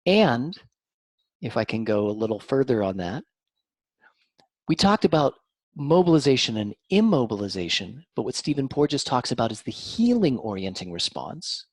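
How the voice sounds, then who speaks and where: A man with a husky edge to his voice explains things as an interview guest. His pitch climbs and drops a great deal as he talks, sometimes lively and sometimes soft and low. The sound is dry and close. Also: dry recording. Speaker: guest, mind-body practitioner. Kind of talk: conversational explanation.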